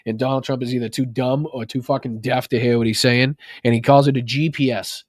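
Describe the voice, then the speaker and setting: A man's voice: medium pitch, steady tone, fairly quick, no room sound. Man, Boston accent, profane, sarcastic livestream host, close dry mic. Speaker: political commentary host. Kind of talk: livestream commentary and reading viewer donations.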